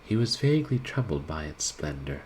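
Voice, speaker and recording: A man reading a classic short story aloud, in a deliberate, expressive manner, shifting his voice for the characters. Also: very deep voice, slight background noise, rough recording.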